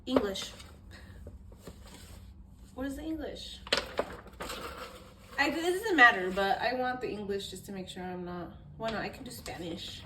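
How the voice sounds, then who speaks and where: A young woman chatting casually at home in an unboxing vlog, excitable and chatty, swearing freely and dropping to near-whispers. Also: medium pitch, a little slow, pauses often, background noise. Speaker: vlogger.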